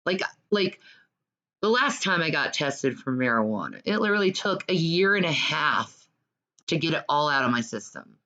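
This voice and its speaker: A woman in loose, rambling, profane chat, swinging from loud sing-song taunts to low mutters, on dull lo-fi audio. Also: very animated, moderate pace. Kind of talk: casual rambling commentary.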